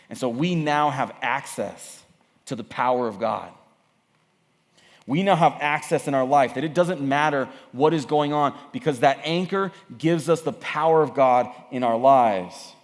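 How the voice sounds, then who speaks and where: Energetic man preaching in an echoey hall. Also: a little high, normal speed. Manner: energetic, conversational preaching with repetitions. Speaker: camp speaker. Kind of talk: youth camp sermon. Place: camp meeting hall.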